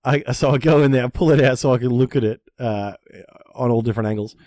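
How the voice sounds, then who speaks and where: A man's voice: mid-range voice, fast, no room sound. Aussie guy telling a crude story on a podcast, swears a lot, mid voice, dry close sound. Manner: animated, profane storyteller who acts out panicked voices. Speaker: podcast co-host. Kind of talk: casual storytelling chat.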